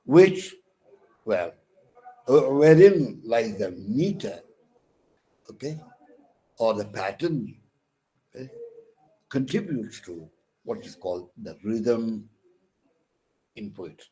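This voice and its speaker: A counsellor for distance learners with an Indian English accent lectures on poetic meter in a low, dark, very animated voice, slow and pausing often, on a rough recording. He repeats phrases, scans verse aloud, restarts mid-word, and uses fillers like "uh" and "okay."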